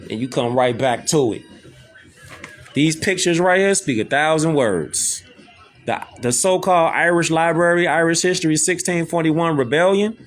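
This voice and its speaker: A man's voice: on the high side, normal speed, a little hiss or hum. A man hosting, giving emphatic commentary over images and clips, repeating himself to drive points home. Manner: insistent, repetitive, keeps asking "see that?".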